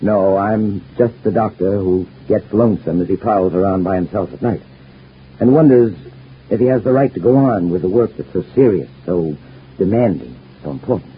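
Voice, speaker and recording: Actor as a serious young doctor, 1940s radio soap, lowish voice, dull old broadcast, faint hum. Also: male voice, lightly acted. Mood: gentle. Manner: earnest and measured.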